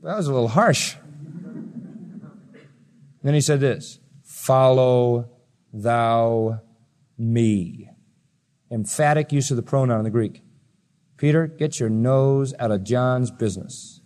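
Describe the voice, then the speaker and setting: A male preacher giving a sermon, telling Bible stories in an animated way and acting out the voices of the people in them. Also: mid-range voice, normal speed, long pauses. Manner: animated storytelling, acts out voices. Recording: long reverb of a large hall.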